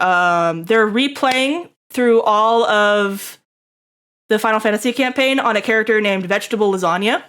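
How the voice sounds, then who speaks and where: A woman's voice: mid-range voice, fairly bright tone. A young adult woman streaming, chatting casually to her viewers in a rambling way, swearing freely and laughing often. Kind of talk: casual live-stream chat.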